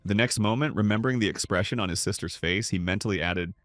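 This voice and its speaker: A man's voice: on the low side, fast, a bit bright, no room sound, studio quality. A man narrating a scripted story recap.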